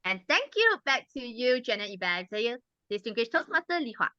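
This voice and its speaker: A woman, speaking in a bright, fairly high and forceful voice. She teaches with patience, slowing down to drill each sound for the group. The recording is dull and lo-fi. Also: big pitch swings, no room sound. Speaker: club president giving a language evaluation. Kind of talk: explaining grammar and pronunciation at a club meeting.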